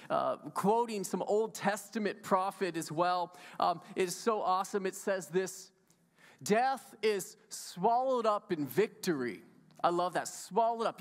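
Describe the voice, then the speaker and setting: High-voiced preaching pastor, man. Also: fairly bright tone, long reverb tail. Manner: conversational, emphatic preaching with rhetorical questions. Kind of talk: sermon. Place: church sanctuary.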